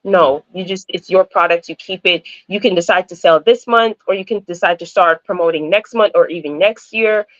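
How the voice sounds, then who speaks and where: A woman's voice: fairly low pitch, moderate pace, hardly any pauses, no room sound, dull audio. A woman from Jamaica who talks with an American-sounding accent, chatting as a guest over a video call and laughing often. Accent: American-sounding English. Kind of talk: casual interview chat.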